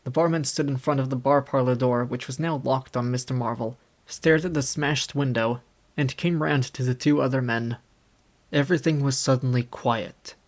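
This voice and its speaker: A man in his twenties reading a classic novel aloud in steady, measured narration. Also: medium pitch. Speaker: audiobook narrator. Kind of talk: scripted narration.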